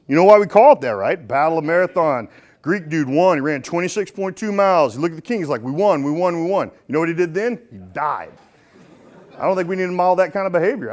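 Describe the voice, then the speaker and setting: A motivational speaker with a high-pitched voice gives a live keynote on stage before an audience. His style is folksy and joking, swinging between punchy moments and hushed ones.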